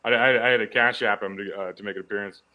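A man's voice: fairly low pitch, steady tone, fast, narrow, tinny audio. A man from St. Louis hosting a casual comedy podcast, rambling and joking with lots of fillers. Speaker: podcast host.

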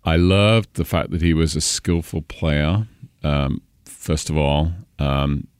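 A middle-aged man from England with a Cambridge-area English accent, a stadium announcer chatting as a guest, talkative and quick to laugh. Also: very deep voice, fairly even intonation, clean tone, no echo, studio quality. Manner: chatty, laughs often, enjoys rolling names off the tongue. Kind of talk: casual interview chat.

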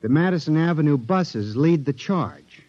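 An actor playing a paranoid male engineer convinced machines are alive, pleading and then shouting in a 1950s radio drama. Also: a little high, lively intonation, normal speed. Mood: earnest conviction. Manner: pleading, rising to frantic shouts. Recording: dull old radio recording.

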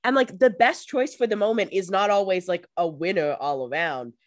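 A woman's voice: mid-range voice, normal speed, no room sound, studio quality. A woman co-hosting a podcast, adding wry, chatty commentary about a TV episode. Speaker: podcast co-host. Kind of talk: casual chat.

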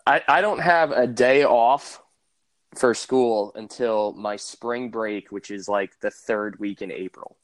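A man's voice: fairly low pitch, slow pace, dry recording. A young man co-hosting a podcast, chatting in a friendly, easygoing way. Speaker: podcast co-host. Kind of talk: casual chat.

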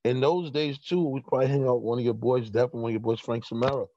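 A man's voice: medium pitch, steady tone, rapid-fire, dark tone, no room sound. Give me a laid-back New man rambling in casual chat. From New York. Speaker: guest. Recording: dull muffled sound.

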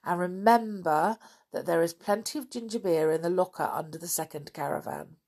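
A woman reading a children's book aloud, then chatting in a gently enthusiastic way to her listeners. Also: lowish voice, moderate pace, vocal fry, slightly rough. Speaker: storybook reader.

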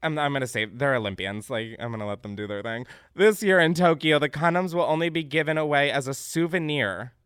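A man's voice: a little high, a little fast, few pauses, clean tone, dry recording, studio quality. A young man hosting a podcast, riffing on news stories in casual, sarcastic comedic chat, swearing freely. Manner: animated, sarcastic, swears freely, breaks into laughter. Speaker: podcast host.

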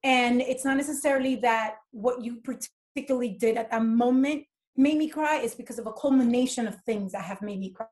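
A woman's voice: fairly high pitch, fairly quick, darkish tone. A middle-aged woman speaking as a podcast guest, candid and emphatic as she tells stories from her working life. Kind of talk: casual conversation.

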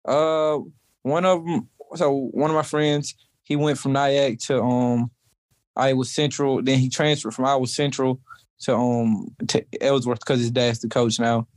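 Chill young guy talking easy in an interview, dry mic sound, middle pitch. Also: flat delivery, measured pace, dry recording. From South Georgia, US. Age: young adult. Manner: laid-back, heavy use of "like". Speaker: college wrestler guest. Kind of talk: casual interview chat.

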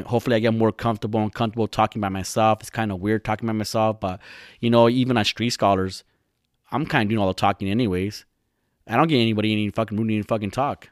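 A young man runs his podcast by himself, mocking his friends in a rambling, profane rant. His low voice rings clear and resonant, with clean studio sound and no echo.

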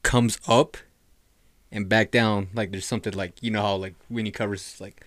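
Young guy, lowish voice, loose profane storyteller, dry close mic. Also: fairly even intonation, normal speed, a bit bright, no echo. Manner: rambling, profane, lots of "like". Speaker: podcast host telling a ghost story. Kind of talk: casual storytelling.

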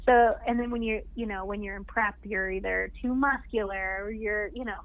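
A woman's voice: mid-range voice, fairly even intonation, moderate pace, hardly any pauses. A woman chatting casually as a podcast guest, laughing often and filling her talk with "like". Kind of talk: casual interview chat. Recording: tinny phone line.

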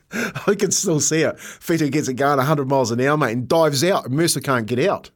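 A middle-aged man with a New Zealand accent, co-hosting a podcast and telling animated anecdotes in casual chat, laughing often. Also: on the high side, normal speed. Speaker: podcast co-host, former rugby league player.

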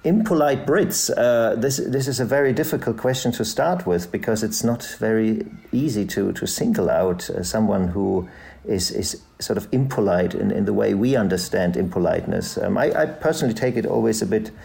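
Gravelly German man, hesitant. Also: lowish voice, animated, normal speed, a little mellow. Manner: hesitant, many fillers and restarts. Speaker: guest, journalist and author. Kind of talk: conversational interview answers. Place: podcast recording.

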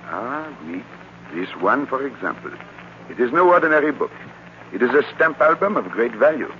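Hercule Poirot, Belgian-accented, lively. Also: male voice, mid-range voice, moderate pace, a little hiss or hum. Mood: suave. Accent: French-speaking Belgian. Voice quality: florid, precise, sprinkles French words. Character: fussy, polite male Belgian detective. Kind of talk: 1940s radio drama acting. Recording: dull lo-fi old radio recording.

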